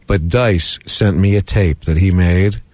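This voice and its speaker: A man who is a comedian, chatting as a studio guest on a radio show with quick, candid storytelling. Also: low-pitched, darkish tone, dry recording. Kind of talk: casual radio chat.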